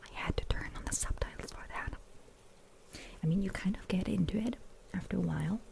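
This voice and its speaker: A woman's voice: medium pitch, brisk, creaky. A German woman whose first language is German, hosting a rambling, giggly whispered ASMR chat. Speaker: ASMR host.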